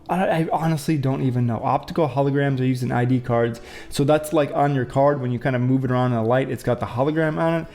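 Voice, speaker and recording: A man's voice: medium pitch, mellow. A man hosting a casual show, rambling and thinking aloud with joking asides as he reads out headlines. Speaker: show host. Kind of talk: casual commentary on window views and news.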